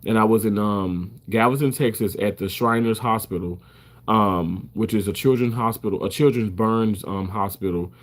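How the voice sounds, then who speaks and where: A man's voice: fairly low pitch, moderate pace. A man who works as a surgical first assist, talking casually to the camera in an emphatic way, repeating himself and swearing freely.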